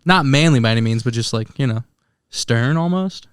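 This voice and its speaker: A man's voice: medium pitch, lively intonation, a little fast, a crowd in the background. A young man co-hosting a podcast, rambling loosely in casual chat with frequent swearing. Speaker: podcast co-host.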